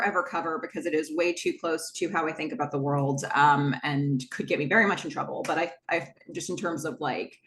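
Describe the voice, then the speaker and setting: A podcast host with a lowish voice recaps a TV episode, chatty and casual, with plenty of fillers and asides. The sound is roomy.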